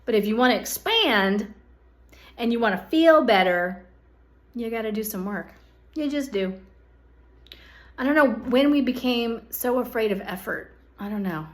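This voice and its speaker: A woman with a slightly raised voice speaks straight to her viewers about energy and the body. Her tone is earnest and coaxing, and she keeps checking in with a quick "okay?" as she urges them along. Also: on the high side, lively intonation. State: hiccups. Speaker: psychic energy reader. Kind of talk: direct-to-camera monthly energy forecast.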